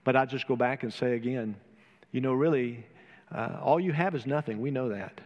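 A man's voice: medium pitch, normal speed, highs cut off. Man preaching in a reverberant church. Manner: earnest preaching, rising in emphasis then dropping soft. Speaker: pastor. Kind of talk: sermon. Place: church sanctuary.

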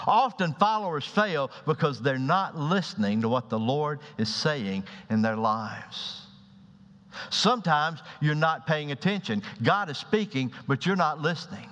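A man's voice: measured pace, a bit bright. A man preaching a sermon in a church, dramatic in delivery and acting out the voices in his stories. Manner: dramatic, acts out quoted voices with rising pitch. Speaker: pastor. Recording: lo-fi recording with long hall reverb.

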